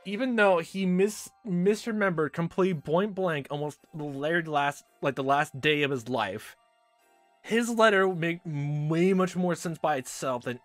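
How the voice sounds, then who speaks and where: A man's voice: on the high side, a bit bright. Exasperated laughing man reacting to a game. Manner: exasperated, laughs often, swears, trails off with fillers. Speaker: let's play commentator. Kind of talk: casual reaction commentary.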